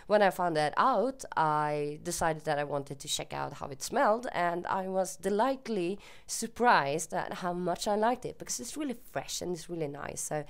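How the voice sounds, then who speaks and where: A woman's voice: fairly low pitch, expressive, moderate pace, gravelly, hardly any pauses. A young woman from Sweden with a Swedish accent, chatting casually to camera in a rambling, self-deprecating way. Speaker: vlogger.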